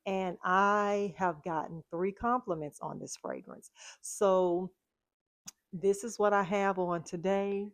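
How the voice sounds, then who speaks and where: A woman chatting casually as a fragrance vlogger, telling stories in a relaxed, drawn-out way. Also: medium pitch, no echo. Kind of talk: casual chat.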